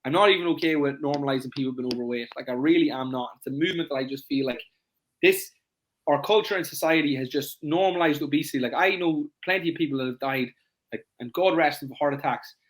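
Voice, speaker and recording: A man, a fitness coach hosting a casual podcast, talking emphatically and leaning on "it's like" again and again. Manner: rapid, emphatic, repeats "it's like" constantly; acts out clients in high voices.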